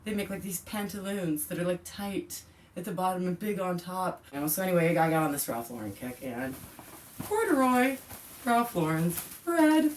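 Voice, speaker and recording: A woman's voice: lowish voice, fairly quick, darkish tone, far from the mic, a little hiss or hum. A woman in her forties chatting casually while unboxing, gushing and exclaiming often. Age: 40s. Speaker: vlogger.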